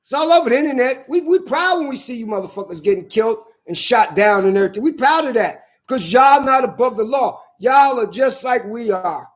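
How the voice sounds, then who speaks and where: A man in a furious, profane rant, repeating himself and shouting at times. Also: extremely high pitch, animated, fairly quick, hardly any pauses. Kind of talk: angry profane rant to camera.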